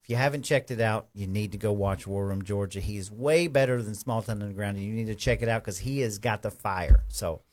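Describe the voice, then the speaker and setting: A man hosting a live stream, giving folksy, rambling shout-outs to viewers. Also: lowish voice, a little fast, few pauses. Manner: effusive, folksy, rambling with restarts.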